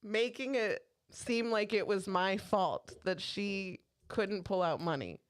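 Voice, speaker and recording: Co-host woman, mid-pitched voice, lively storyteller who swears freely. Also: slow pace. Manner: animated, swearing, laughing retelling. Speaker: podcast co-host. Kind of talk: casual storytelling chat.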